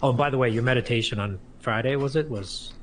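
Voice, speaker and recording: A man talking on his stream, hesitant and halting, restarting his thoughts often. His voice is mid-pitched, with faint noise behind it. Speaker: streamer hosting the call. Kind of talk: casual chat.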